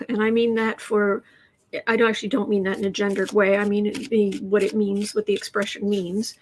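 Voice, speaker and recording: A woman's voice: medium pitch, level tone, fairly quick. A woman hosting a tarot livestream, chatting casually, telling anecdotes and reading out viewer comments. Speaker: tarot reader and livestream host.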